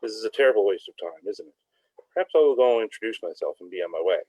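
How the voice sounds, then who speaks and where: Man voicing a nervous thief, polite, evasive, low, dry sound. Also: animated, fast talker, husky, no room sound, muffled recording. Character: nervous male thief feigning calm.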